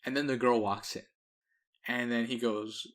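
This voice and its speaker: A young man co-hosts a podcast, telling a story in casual conversation, acting out quotes and laughing often. His mid-range voice moves at a moderate pace with fairly even intonation.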